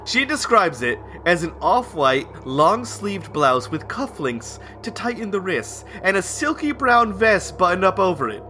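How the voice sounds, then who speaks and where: A man's voice: sits high, big pitch swings, a little slow, few pauses, sharp tone, slight background noise. A man hosting a podcast, reading a scary story aloud with dramatic narration and laughing asides. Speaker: podcast host.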